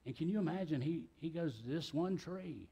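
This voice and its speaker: A man's voice: a little high, animated, fairly quick, dark tone, husky. A middle-aged man, preaching a sermon in a church in a folksy, talkative way with joking asides. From South Carolina, US. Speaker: pastor. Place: church sanctuary.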